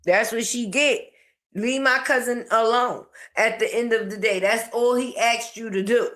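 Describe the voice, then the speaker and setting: At a moderate pace, a woman with a slightly high, somewhat bright voice gives a sassy, slangy rant. She's an online commentator ridiculing and retorting to the person she's discussing.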